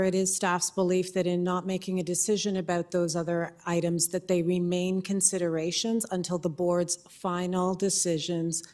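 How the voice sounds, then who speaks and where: Flat-voiced woman giving official answers. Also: fairly low pitch. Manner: measured, bureaucratic phrasing. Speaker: school board staff member.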